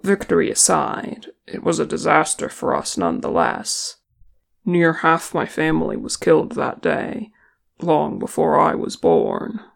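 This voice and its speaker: A reader voicing a gruff, teasing male dwarf warrior who is tired and speaks bluntly, with a grumbling manner. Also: mid-range voice, big pitch swings, unhurried, heavily acted.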